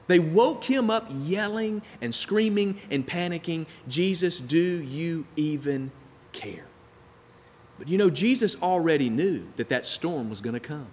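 A man's voice: high-pitched, expressive, moderate pace, few pauses, darkish tone. A man preaching a sermon with dramatic delivery, acting out the voices of doubters and of God. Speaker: pastor. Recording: long hall reverb.

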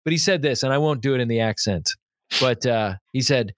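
A man's voice: medium pitch, fairly quick, dry recording. Chatty male podcast co-host, dry close sound. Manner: relaxed, chuckling, thinks aloud with fillers. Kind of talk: casual chat.

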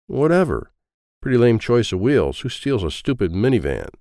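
A man voicing a gruff, impatient young car thief who snaps orders. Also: mid-range voice, sing-song, normal speed, warm tone, dry recording, studio quality. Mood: scornful. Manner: snappish, bossy.

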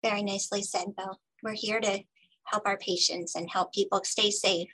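Woman, podcast host, bright tone, upbeat, encouraging, faint music behind. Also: medium pitch, steady tone, moderate pace, slightly rough, poor audio. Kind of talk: podcast interview.

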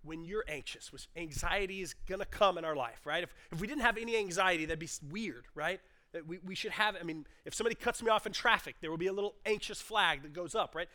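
Male preacher, thirties, high bright voice; earnest sermon swinging between soft and fervent. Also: fast talker. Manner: builds from quiet explaining to impassioned, rising delivery. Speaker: pastor.

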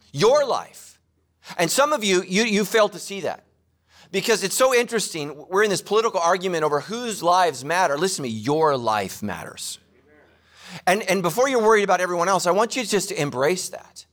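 A man with a high voice delivers a sermon. He is casual and jokey with his listeners, and he repeats the main points slowly for weight. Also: expressive, fairly bright tone. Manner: casual joking preacher, repeats key lines slowly. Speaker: pastor.

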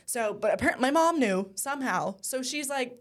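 A woman's voice: high voice, lively intonation, moderate pace. A young woman co-hosting a talk show, chatting with enthusiasm and plenty of ums. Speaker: co-host at a news station. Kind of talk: casual chat.

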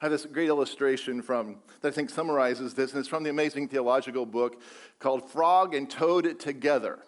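A man's voice: mid-range voice, brisk. A male pastor preaching a sermon, emphatic and repeating his key phrases.

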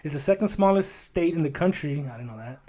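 A young man in his twenties, talking on a casual podcast chat. His voice sits a little high for a man, and he rambles, restarts his sentences and jokes along the way. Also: animated, fast talker, dark tone. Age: 20s. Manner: rambling, jokey, full of fillers and restarts. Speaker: podcast co-host.

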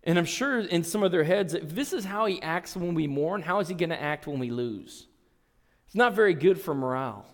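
A pastor preaching a sermon, telling a story earnestly and reading scripture aloud. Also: male voice, fairly high pitch, expressive, a little fast. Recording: long reverb in a large hall.

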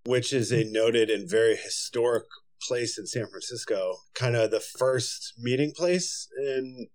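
A man's voice: mid-range voice, measured pace, low-quality recording. A man in a casual podcast chat, hesitant and searching for his words.

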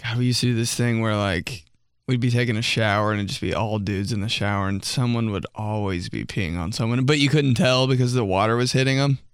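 A man's voice: fairly low pitch, fairly even intonation, brisk, smooth, dry recording, clean studio sound. A man hosting a comedy show, reading out listener stories in a casual, joking way. He laughs often and slips into mocking voices.

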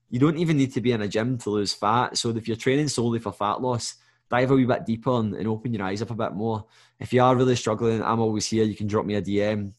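A male fitness coach talks through his advice alone on a podcast, in a slightly low voice at a brisk clip. He rambles conversationally and keeps turning to the listener to ask if they follow, pushing them toward action. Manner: rambling and conversational, with frequent "do you know what I mean"; direct, motivational advice. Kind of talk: solo podcast monologue.

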